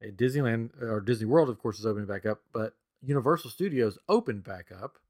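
A man's voice: lowish voice, expressive, brisk, a little mellow. A middle-aged man co-hosting a podcast in loose, casual chat, laughing often. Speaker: podcast co-host.

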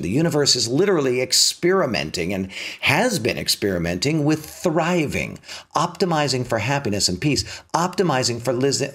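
Husky, lively-voiced male self-help speaker. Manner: animated, rising pitch when emphatic, drops low and soft for punchlines. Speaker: motivational speaker. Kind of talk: spiritual self-help talk with storytelling.

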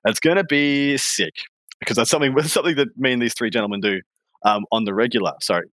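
A man's voice: medium pitch, fast talker, fairly bright tone, no room sound. A man with an Australian accent hosting a gaming podcast, chatty and rambling, often laughing. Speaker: podcast host. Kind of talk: casual chat.

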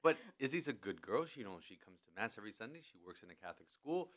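A man's voice: lowish voice, fast. Man chatting through a scripture reading. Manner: animated, lots of restarts and "you know". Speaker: podcast host. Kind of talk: conversational scripture commentary. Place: studio in a building with thin walls.

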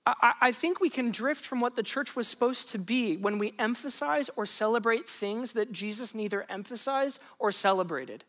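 A pastor delivering a sermon in a relaxed, conversational voice. They lean on rhetorical questions and repeat key phrases for emphasis. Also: medium pitch, normal speed, few pauses.

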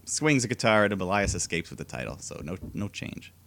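A man's voice: on the low side, very animated, a little fast, gravelly, a bit bright. A laid-back man co-hosting a podcast, recapping wrestling in casual chat. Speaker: podcast co-host.

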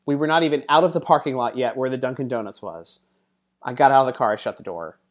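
A man's voice: mid-range voice, quick pace. Chatty man telling a story. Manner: chatty, digressive asides and frequent fillers. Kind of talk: casual first-person storytelling.

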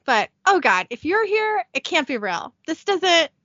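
Scared snappy teen girl, woman reading her lines, bright sharp voice. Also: very high-pitched, very animated, measured pace, no echo, dull audio, voice pushed up, exaggerated voice. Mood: frightened. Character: panicked teenage girl, frightened and snappy.

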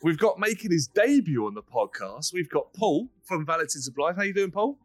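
A man's voice: a little high, very animated, fairly quick, no room sound, soft background music, rough recording. A man hosting a podcast in an upbeat, jokey, rambling way. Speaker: podcast host. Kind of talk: casual podcast chat.

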